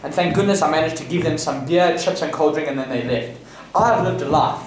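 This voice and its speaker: A man's voice: on the high side, a little fast, a little hiss or hum. A man from South Africa vlogging self-improvement advice in a boastful, self-assured way, rambling with restarts. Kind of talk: casual advice monologue. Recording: echoey room, voice distant from mic, faint room ambience.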